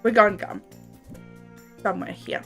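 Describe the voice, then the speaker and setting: Australian woman, game streamer, laughs easily, bright forceful tone, casual banter. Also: medium pitch, steady tone, a little slow, creaky, faint music behind. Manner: chatty, laughs often, banters and swears while playing. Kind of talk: casual live-stream chat with viewers. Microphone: desk microphone.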